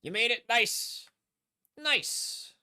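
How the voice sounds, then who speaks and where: A man's voice: extremely high pitch, expressive, drawn-out words, smooth. Chatty young man streaming a game. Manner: chatty, thinking aloud, often trailing off quietly. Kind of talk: casual live game commentary.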